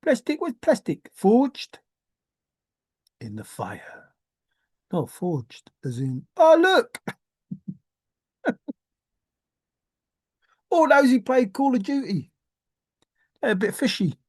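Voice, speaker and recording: A woman's voice: fairly high pitch, big pitch swings, takes it slowly, long pauses, darkish tone, breathy edge, dry recording. An older woman rambling to herself in a musing monologue, repeating words in a singsong way and humming. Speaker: treasure hunt vlogger.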